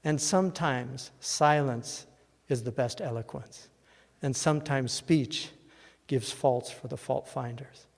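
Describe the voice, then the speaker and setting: A man giving a lecture as a college president, reciting verse in a measured, solemn way. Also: mid-range voice, vocal fry. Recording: long hall reverb.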